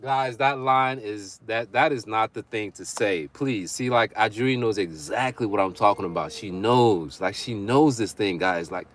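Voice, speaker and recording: A young man hosts a casual livestream, talking in a lowish voice. He reads viewer comments aloud and banters with them. He laughs easily between his remarks. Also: moderate pace, hardly any pauses. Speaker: livestream host. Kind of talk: casual live chat.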